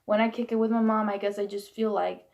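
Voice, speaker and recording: Twenties woman vlogging, heated and blunt, lots of cursing, raspy fry in her voice. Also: mid-range voice, fairly even intonation, fast, darkish tone, dull audio. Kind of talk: candid personal rant.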